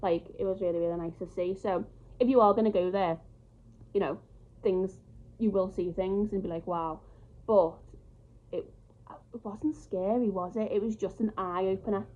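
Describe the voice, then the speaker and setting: A woman's voice: mid-range voice, steady tone, moderate pace, long pauses, mellow. A woman chatting casually about her travels, open and emotional. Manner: chatty, emotional, tearful at times. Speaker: travel vlogger. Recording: dull lo-fi sound, faint noise.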